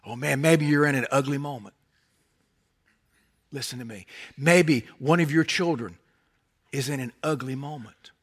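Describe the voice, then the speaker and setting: A middle-aged man with a Southern American accent from North Carolina, preaching a sermon with folksy humor and animated storytelling that drops to soft intensity. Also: medium pitch, moderate pace, pauses often, breathy edge.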